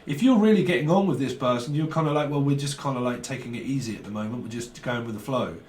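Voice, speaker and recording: A man's voice: mid-range voice, quick pace, a little mellow, slight background noise. A man giving a rambling tarot reading and slipping into quoted voices. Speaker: tarot reader.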